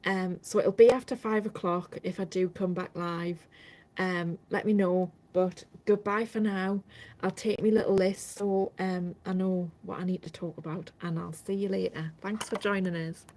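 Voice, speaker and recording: A woman's voice: on the low side, steady tone, normal speed, darkish tone, rough recording. A woman hosting a casual live stream, chatting in a rambling way and answering viewer comments as they come in.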